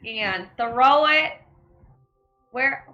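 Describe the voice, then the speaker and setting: A woman's voice: on the high side, drawn-out words, pushed and bright, highs cut off. A woman playing in a tabletop game, speaking thoughtfully and laughing easily. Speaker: player. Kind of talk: casual tabletop play.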